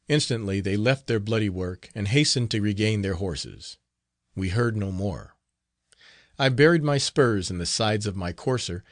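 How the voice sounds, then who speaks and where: A man narrating a classic novel as an audiobook, in a measured, dramatic reading. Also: fairly low pitch, no room sound, studio quality.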